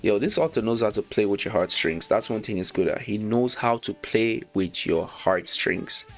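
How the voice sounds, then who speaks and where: A man casually reviewing a manga chapter, reading lines aloud, excited and slangy, laughing often. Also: lowish voice, normal speed, faint music behind. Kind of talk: casual read-along commentary.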